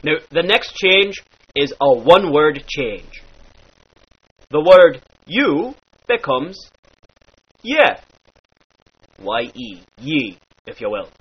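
Husky, lively man teaching vowel sounds. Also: fairly high pitch, extremely slow, pauses often, highs cut off. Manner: playful mock-archaic phrasing, spelling out sounds. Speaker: accent teacher. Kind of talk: instructional voice lesson.

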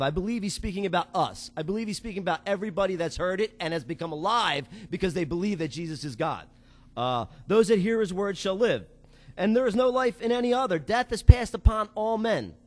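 A man's voice: high voice, lively intonation, fairly quick. A man preaching a sermon, reading scripture aloud and talking directly and emphatically to his listeners.

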